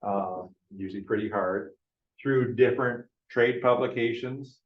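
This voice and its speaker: A man with a fairly low voice runs a business planning workshop for a live group in a meeting room. He talks informally and keeps checking in with his listeners as he goes. The recording is dull and lo-fi, with a noticeable room echo. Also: a little slow. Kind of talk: informal classroom lecture.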